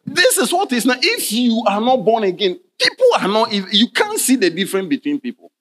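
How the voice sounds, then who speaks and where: A man's voice: high-pitched, huge pitch swings, normal speed, hardly any pauses, a crowd in the background. A man preaching a sermon as pastor of a church. He reads scripture in old King James wording and often breaks in with "Hallelujah" and questions to the congregation.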